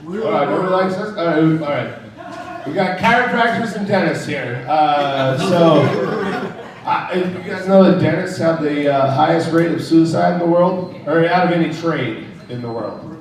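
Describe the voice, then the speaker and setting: A man's voice: a little high, normal speed, a crowd in the background. A man doing a crude, rambling stand-up comedy set on a club stage, chuckling at his own jokes. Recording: very echoey room, from far off.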